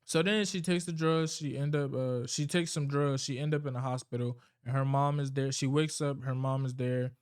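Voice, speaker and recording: A man's voice: mid-range voice, steady tone, normal speed, few pauses, smooth. A man casually recapping a horror movie's plot, rambling and swearing freely as he talks. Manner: rambling, profane, loose storytelling.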